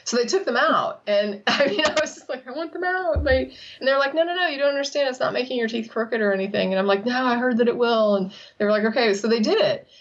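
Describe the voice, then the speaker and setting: A Texan woman co-hosts a casual chat, telling stories with animation, laughing a lot and acting out what other people said. Her voice is slightly high and quick with few pauses, and the lo-fi audio sounds a bit dull.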